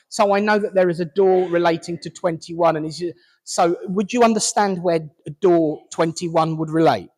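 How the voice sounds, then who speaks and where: A man, a reverend and medium, giving a chatty, halting mediumship reading at a service. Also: high voice, steady tone, darkish tone, in a large hall. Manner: chatty, hesitant, relaying messages with fillers and restarts.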